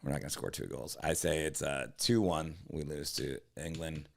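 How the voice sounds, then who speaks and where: A man's voice: extremely low pitch, fairly even intonation, normal speed, creaky, a little hiss or hum. A man co-hosting a comedy podcast, chatting casually in a rambling, profane way that often trails off. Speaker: podcast co-host.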